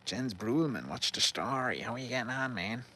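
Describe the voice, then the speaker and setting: A man's voice: medium pitch, expressive, moderate pace, bright, forceful tone, a little hiss or hum. An Irish man live-streaming from a garden outdoors, rambling and joking as he reads out viewer comments. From Ireland. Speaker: livestream host. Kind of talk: casual live-stream chat.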